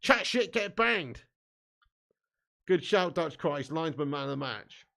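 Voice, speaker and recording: A man chats live to his viewers, reading their comments aloud as he goes. His voice sits a little high for a man, and he talks in excitable, laughing bursts, full of swearing and easy banter. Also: unhurried, vocal fry. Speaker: live stream host.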